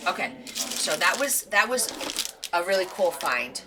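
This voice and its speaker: A woman's voice: lowish voice, big pitch swings, unhurried, noisy background. Woman craft host, casual live show-and-tell, gushing and chatty; voice swoops up and down a lot. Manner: chatty, gushing over thrift finds.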